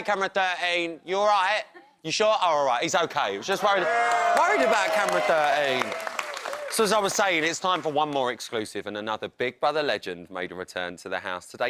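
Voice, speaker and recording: A man's voice: on the high side, sing-song, fairly quick, crowd noise. A man hosting a live studio show, playful and teasing, calling people darling and babes. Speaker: host. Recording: noisy live studio with loud audience.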